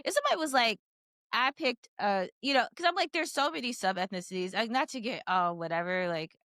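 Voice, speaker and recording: Animated woman podcast co-host. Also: mid-range voice, fast, dry recording, clean studio sound. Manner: animated, quotes herself in lively asides. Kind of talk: casual chat.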